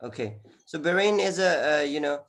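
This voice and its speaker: A man's voice: fairly high pitch, expressive, moderate pace, fairly bright tone. A man teaching an online English exam class, encouraging, repeating words often with many "okay"s. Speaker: IELTS teacher.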